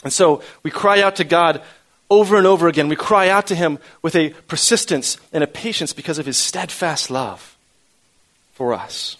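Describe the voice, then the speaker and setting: Male pastor, high voice, earnest sermon delivery with repeated emphatic phrases. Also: normal speed, a bit bright. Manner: earnest preaching with emphatic repetition.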